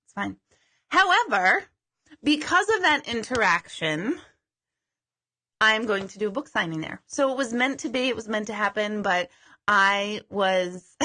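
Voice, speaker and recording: Hosting a psychic medium live stream, this woman talks casually in a bright, pushed, medium-pitched voice. She pokes fun at herself and lets the occasional curse slip.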